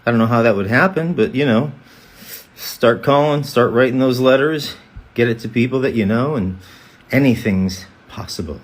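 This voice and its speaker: A man chatting casually on a live stream, reading fan comments aloud and answering them one by one. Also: mid-range voice. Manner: reads comments aloud, answers chattily, breaks into quick character voices. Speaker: voice actor hosting a live fan Q&A.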